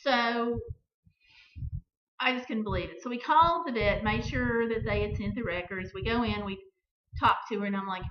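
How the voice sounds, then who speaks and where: A middle-aged woman hosting a vlog, telling a personal story in an animated way and acting out both sides of an argument. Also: on the high side, moderate pace. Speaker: vlog host. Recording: echoey, dull-sounding room recording.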